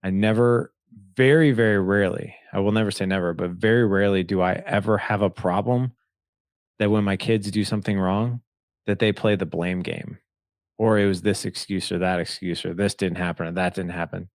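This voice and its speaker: Gravelly low-voiced man telling family stories. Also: moderate pace, dry recording, studio quality. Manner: earnest, candid, animated when telling stories. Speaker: podcast guest. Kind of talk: conversational interview storytelling.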